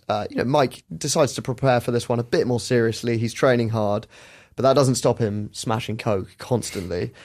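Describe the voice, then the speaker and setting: A man's voice: fairly low pitch, a little mellow. A man hosting a podcast, chatty, often laughing as he tells a story. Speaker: podcast host.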